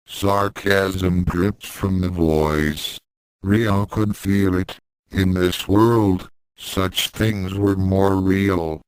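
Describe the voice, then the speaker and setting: A man narrating fan fiction as an audiobook in a measured, even storytelling manner. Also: deep voice, clear, resonant tone, no echo, rough recording.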